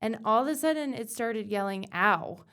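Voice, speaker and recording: A woman guest on a podcast who talks about bodywork in an earnest, animated way, full of "like" fillers. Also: on the high side, fairly quick, smooth. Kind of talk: casual conversational podcast.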